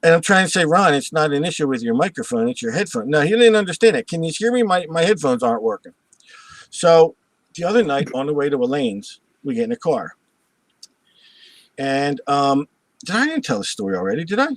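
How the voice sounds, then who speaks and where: A man hosting a live show, telling a funny story in a lively, swooping voice that sits a little high. He acts out the other people's voices and laughs at his own jokes, and the sound is dry and close. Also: brisk, no echo, poor audio. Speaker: host.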